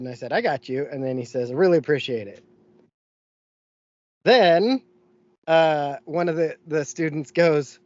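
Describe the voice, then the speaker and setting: Animated swearing podcast man. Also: on the high side, a little slow, pauses often, dry recording, dull audio. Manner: animated, swearing, laughing storyteller. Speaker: podcast co-host. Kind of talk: casual storytelling chat.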